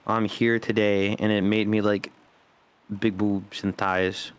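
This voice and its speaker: A man's voice: on the low side, slow, clean tone. Joking young man with a faint Southern twang. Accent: subtle Southern US. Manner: animated storyteller, acts out quotes, jokey bravado. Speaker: guest. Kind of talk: casual chat on a stream.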